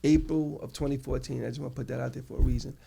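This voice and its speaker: Middle-aged New York man, very gravelly, animated storyteller in a casual interview. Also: medium pitch, very fast. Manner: animated storytelling, acts out quoted people. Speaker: interview guest.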